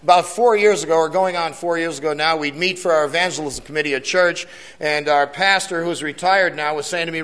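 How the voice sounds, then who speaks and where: A man's voice: fairly high pitch, fairly quick, a bit bright, clean tone. A man, a church elder, giving an earnest sermon testimony to a congregation, repeating key lines and putting questions to the crowd. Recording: long reverb of a church hall.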